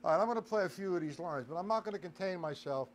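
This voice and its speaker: A man's voice: high-pitched, animated, racing, very noisy. A man teaching a live drum lesson, counting beats aloud and chatting with viewers in the stream chat. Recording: loud drum kit playing behind voice.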